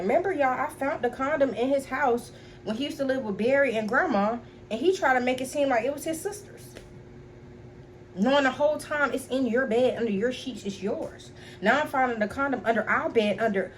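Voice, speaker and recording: A woman's voice: sits high, a little fast, a little hiss or hum. A young woman casually telling a personal story to her viewers, chatty and blunt, full of fillers and swearing. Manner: blunt and profane. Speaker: storytime vlogger.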